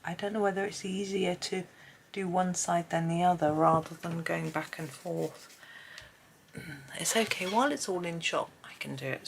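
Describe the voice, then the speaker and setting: Hoarse woman, low gravelly voice, rambling chat while colouring, slips into half-whispers; faint hiss behind. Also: normal speed. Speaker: colouring channel host.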